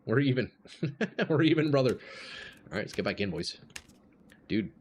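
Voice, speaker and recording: Young male game streamer, lively voice. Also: medium pitch, moderate pace. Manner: chatty, calls people bro and brother. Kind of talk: live gameplay commentary. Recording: steady noise behind the voice.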